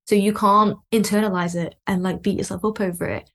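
A woman's voice: medium pitch, fairly even intonation, brisk, fairly bright tone. Chatty woman hosting a podcast. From Lancashire, England. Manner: chatty, lots of "like", laughs easily. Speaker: podcast host. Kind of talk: casual podcast chat.

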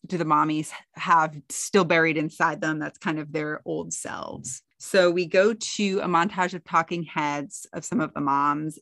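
A woman's voice: vocal fry, fairly bright tone, dry recording. Chatty woman recapping, dry close mic. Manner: chatty retelling, acting out quotes in a higher voice. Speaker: podcast co-host. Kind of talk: casual recap chat.

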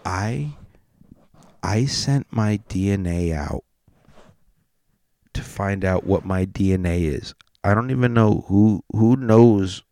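A man's voice: deep voice, takes it slowly, long pauses, warm tone, no room sound, clean studio sound. A man in a casual, rambling rant full of swearing and restarts. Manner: rambling, profane, restarts a lot.

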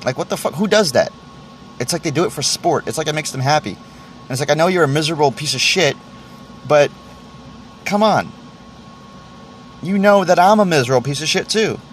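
A man's voice: fairly high pitch, lively intonation, brisk, long pauses, slight background noise. A man hosting a solo podcast, venting in a rambling way, stammering through restarts and swearing freely. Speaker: podcast host.

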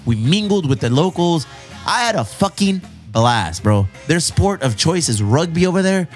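Man, casual chat, profane storyteller, slightly higher voice, faint music behind. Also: normal speed. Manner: profane, animated storytelling, mimics friends.

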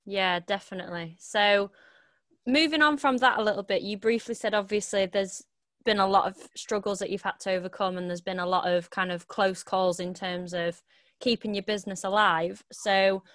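A woman's voice: mid-range voice, steady tone, normal speed, fairly bright tone, no echo. Woman interviewer, dry close sound. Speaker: interview host and dance teacher. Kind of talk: casual interview.

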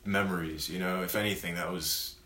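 A lower-voiced man talks loosely in a casual podcast chat, wandering through his thoughts with plenty of fillers. The room around him rings with echo, and other people can be heard nearby. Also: fairly even intonation, fairly quick, crowd noise. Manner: rambling, many fillers.

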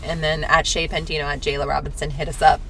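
A woman's voice: low-pitched, quick pace, faint music behind, poor audio. A woman co-hosting a podcast in casual chat, telling stories with frequent laughs. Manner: lively storyteller, laughs often. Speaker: podcast co-host.

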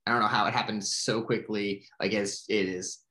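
A young man casually retelling a movie plot in a rambling way, full of "like" and excited acted-out quotes. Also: fairly low pitch, normal speed. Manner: rambling, filler-heavy with frequent "like". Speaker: movie recapper. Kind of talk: casual spoken movie recap.

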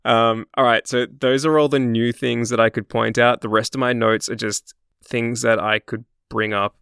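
Australian male podcast co-host, gravelly but resonant, dry close mic, chatty and laughing. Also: mid-range voice, little pitch movement, moderate pace, a bit bright, dry recording. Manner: chatty, laughs often, many fillers. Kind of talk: casual chat.

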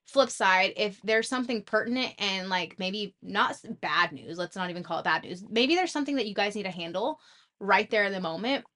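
A woman's voice: medium pitch, a little fast. A young adult woman hosting a podcast, giving casual advice in a chatty way and acting out little quotes. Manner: chatty, animated, full of "like" and acted-out quotes. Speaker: podcast host.

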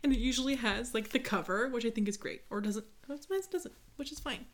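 A woman's voice: a little high, fast talker. A young woman co-hosting a podcast in casual chat, bubbly and talkative, laughing often. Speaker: podcast co-host.

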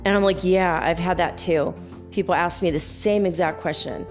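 A woman's voice: fairly low pitch, fairly quick, darkish tone. Chatty woman with faint music behind. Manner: chatty, rambling, many fillers and laughs. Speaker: podcast host. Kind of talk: casual spiritual podcast monologue.

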